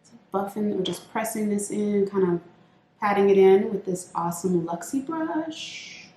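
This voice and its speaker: A woman's voice: medium pitch, measured pace, warm tone, roomy sound, slight background noise. A woman beauty vlogger chatting playfully through a makeup routine, calling her viewers sis. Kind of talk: casual makeup tutorial chat.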